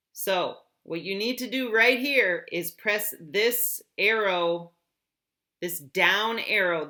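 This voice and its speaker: Woman teacher, bright voice, mid pitch, clear and encouraging tutorial delivery. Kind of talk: app tutorial for students.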